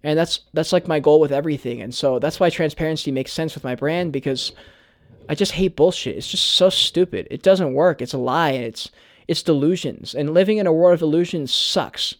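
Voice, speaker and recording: An earnest young man talks to his viewers in a loose vlog monologue. He leans on "like" and casual swearing. His voice sits a little high and sounds close and dry. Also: a little fast, dry recording. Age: young adult. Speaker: YouTuber.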